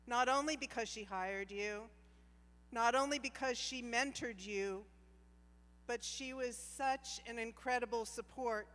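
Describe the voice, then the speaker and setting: Slow-spoken woman giving a heartfelt tribute. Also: a little high. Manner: warm, heartfelt, slow and deliberate. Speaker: former staff member giving a tribute. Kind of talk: tribute speech at a gala. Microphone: handheld microphone. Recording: reverberant hall from a distance.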